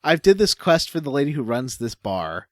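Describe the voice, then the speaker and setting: Man, podcast co-host, animated intonation, dry close mic, rambling with lots of uh. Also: mid-range voice, moderate pace, no echo. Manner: rambling, hesitant, lots of uh and restarts. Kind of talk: casual chat about a video game.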